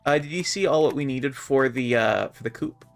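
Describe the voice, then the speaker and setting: A man's voice: mid-range voice, lively intonation, moderate pace, soft background music. A man joining a friend's game stream as a co-op player, easygoing and casually swearing, calling his partner bud. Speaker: guest co-op player. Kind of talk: casual gameplay chat.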